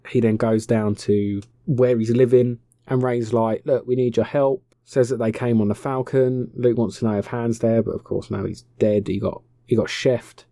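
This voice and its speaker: Young guy with a warm, dry voice who rants sarcastically and swears through a film recap. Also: medium pitch, no echo. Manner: sarcastic, swears freely, voices characters mockingly. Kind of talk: casual profane film recap.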